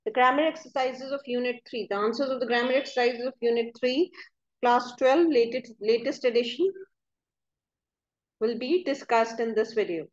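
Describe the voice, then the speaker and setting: A woman teacher giving a recorded grammar lesson, slowly reading out answers and dictating punctuation with care. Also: on the high side, highs cut off. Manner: slow, careful dictation of punctuation.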